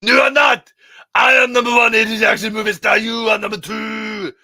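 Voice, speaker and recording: A man doing an impression of a hot-tempered male action star with a put-on Austrian accent and a loud barking delivery. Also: high-pitched, level tone, moderate pace, no room sound, clean studio sound, pitched above the performer's own voice, exaggerated voice. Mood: angry shouting. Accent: Austrian German, put on.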